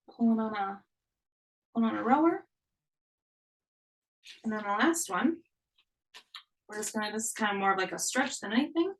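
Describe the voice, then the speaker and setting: Upbeat woman coaching a workout, distant mic. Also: fairly high pitch. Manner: upbeat, encouraging, counts down intervals. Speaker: fitness instructor. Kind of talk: live online workout instruction.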